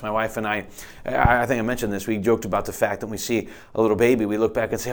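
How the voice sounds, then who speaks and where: A middle-aged man preaching a sermon in an unhurried way, often repeating words and rising in pitch and volume when he reads scripture aloud. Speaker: pastor.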